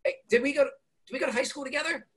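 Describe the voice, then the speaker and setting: Brief: eager, pushy male stranger, high and quick, as a man puts him on. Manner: excited, high-pitched.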